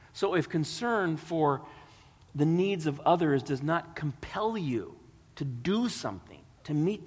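High-voiced male pastor in a reverberant hall. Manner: dramatic scripture reading with emphatic, rising delivery. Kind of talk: sermon.

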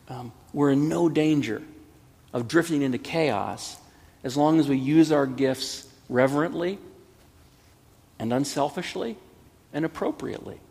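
A man in his fifties, a pastor preaching a sermon in an earnest, pleading way that builds to emphatic peaks, with a gravelly, husky voice. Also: mid-range voice, a little mellow, long reverb tail.

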